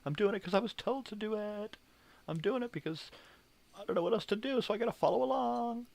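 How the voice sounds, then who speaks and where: Man doing a squeaky whiny follower guy, mocking. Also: a little fast, vocal fry, darkish tone. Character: mindless male follower, whiny and clueless.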